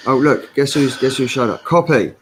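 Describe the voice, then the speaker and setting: A man's voice: mid-range voice, normal speed, a little hiss or hum. A man hosting a casual live stream, keeping the group on schedule and calling out names. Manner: keeps the group on schedule, repeats names to call in guests. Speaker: stream host.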